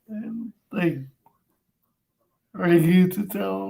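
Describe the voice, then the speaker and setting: Casting: young male host, very slow halting delivery, gravelly fry, slightly higher pitch. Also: fairly even intonation, darkish tone, rough recording. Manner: halting, restarts often. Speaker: podcast host. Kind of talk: casual chat.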